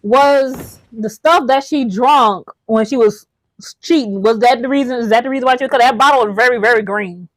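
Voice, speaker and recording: A woman hosting a casual movie reaction, animated and stammering, talking back at the screen. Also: fairly high pitch, moderate pace, no echo. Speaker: reaction video host.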